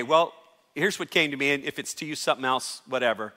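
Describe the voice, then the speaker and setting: A man's voice: mid-range voice, fast, pushed and bright. A man preaching a sermon as pastor, emphatic and conversational, with rising calls to the congregation. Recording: hall reverb.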